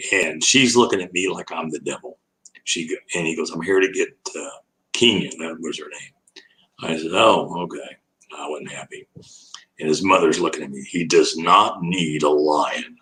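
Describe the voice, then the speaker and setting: A man's voice: a bass voice, moderate pace, sharp tone, low-quality recording. An older man, an animal educator, telling a long anecdote as an interview guest, laughing often and acting out the voices in his story.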